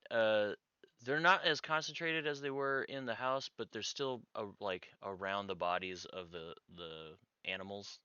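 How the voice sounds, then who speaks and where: Low crisp game master. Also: male voice, measured pace, bright, forceful tone, dry recording, muffled recording. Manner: loose, rambling description. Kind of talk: narrating a tabletop game.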